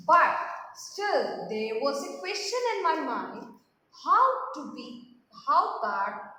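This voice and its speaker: A woman's voice: fairly high pitch, slight background noise. A woman teacher telling a playful puppet story to students. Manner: animated, playful, giggly. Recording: echoey hall with long reverb.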